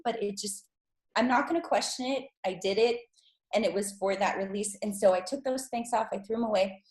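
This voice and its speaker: Animated woman telling a story, echoey room. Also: a little fast. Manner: animated, acts out quotes in high voice. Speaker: podcast guest. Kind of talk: casual storytelling interview.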